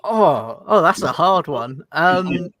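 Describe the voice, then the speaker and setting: Young guy with a slightly high voice, short laughy answers, dry close mic. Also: lively intonation, takes it slowly, fairly bright tone, no room sound. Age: young adult. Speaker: guest reviewer. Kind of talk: casual chat.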